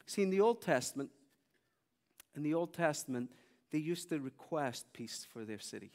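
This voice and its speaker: Male preacher, lively storyteller, slightly high voice, long church reverb. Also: normal speed. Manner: animated storyteller, acting out quoted speech. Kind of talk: sermon with storytelling. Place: large church hall.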